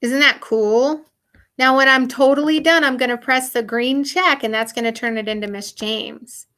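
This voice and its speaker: A woman's voice: high-pitched, moderate pace, pushed and bright. A woman music teacher giving a recorded online lesson for young children, explaining each step in an upbeat, encouraging way.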